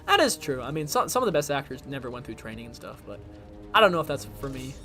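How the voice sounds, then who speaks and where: A man's voice: medium pitch, very animated, quick pace, pushed and bright, faint music behind. A young man rambling casually while streaming a game, with lots of fillers. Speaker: gaming streamer. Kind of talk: casual chat while gaming.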